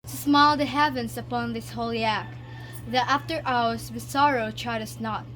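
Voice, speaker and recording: A woman's voice: fairly high pitch, steady tone, moderate pace, fairly bright tone, soft background music, natural voice, low-quality recording. A woman playing a solemn counselling friar. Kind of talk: student stage play.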